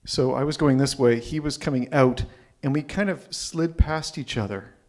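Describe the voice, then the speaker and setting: Male host, mid-pitched, easygoing, chatty at a live event. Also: normal speed. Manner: relaxed, conversational, some stumbles. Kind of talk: casual hosting chat.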